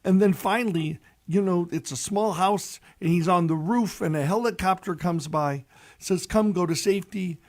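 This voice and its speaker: A priest giving a folksy, earnest radio reflection and telling a story, with many "you know" asides. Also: male voice, sits high, moderate pace.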